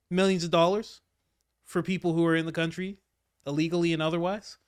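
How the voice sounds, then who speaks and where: Dude reacting to a press clip, sarcastic, drops to mutters then blurts out loud, dry close sound. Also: male voice, fairly high pitch, quick pace, long pauses, no echo. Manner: sarcastic, animated, jumps between mutters and outbursts. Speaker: commentary channel host.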